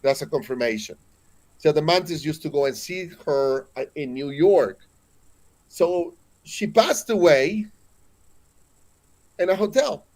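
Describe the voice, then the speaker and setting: A Mexican-accented man in his forties speaks as an interview guest, pitched a little above most men. He tells spiritual stories earnestly and with emphasis, often stumbling and restarting his sentences. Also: expressive, measured pace, long pauses, a little mellow. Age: 40s.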